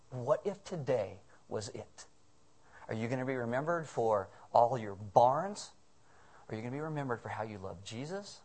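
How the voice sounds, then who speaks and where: Male pastor, sermon storyteller, lively and earnest. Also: medium pitch. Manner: animated storytelling, chuckling asides.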